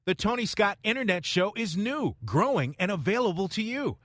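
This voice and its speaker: A man reading a scripted advertisement in an upbeat sales-pitch tone. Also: big pitch swings, moderate pace, fairly bright tone, no room sound, clean studio sound. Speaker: ad announcer.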